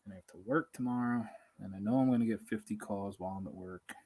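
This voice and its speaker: A man's voice: lowish voice, fast talker, mellow, low-quality recording. A man hosting a live stream outdoors, chatting in a rambling, casual way, hungry and tired, chuckling as he reads comments aloud. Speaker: beekeeping livestream host.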